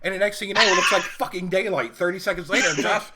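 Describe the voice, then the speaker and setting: A man's voice: sits high, very fast, a loud crowd. A young man co-hosting a casual live stream, telling a profane road-trip story between laughs. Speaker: co-host.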